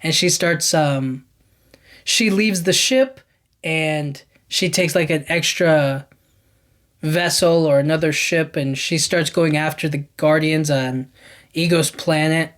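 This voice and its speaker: A man's voice: on the high side, slow, a bit bright. Rambling man recapping a film. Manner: rambling, heavy use of "like" and "you know what I mean"; enthusiastic about scenes. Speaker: podcast host. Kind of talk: casual movie recap.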